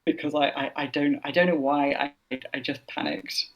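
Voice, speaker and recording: A woman's voice: sits low, steady tone, normal speed, lo-fi sound. Chatty woman voice actor telling stories. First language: English. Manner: chatty storyteller, frequent restarts and laughs. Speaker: voice actor guest. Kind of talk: casual interview chat.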